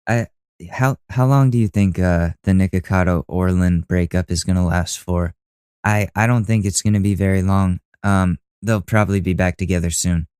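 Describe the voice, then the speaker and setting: A man's voice: low-pitched, steady tone, normal speed, darkish tone, clean tone, no room sound, studio quality. A young man hosting a podcast, reacting to a video with mocking, profane, rambling commentary. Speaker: podcast host.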